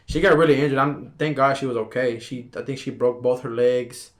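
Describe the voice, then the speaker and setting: A young man, a podcast guest, telling a long personal story in casual chat, rambling and animated and tossing in "bro" all the time. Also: medium pitch, brisk.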